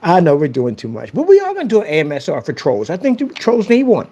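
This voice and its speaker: Boastful animated young man. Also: on the high side, fast talker, breathy edge. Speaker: vlogger. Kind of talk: casual trash-talk monologue.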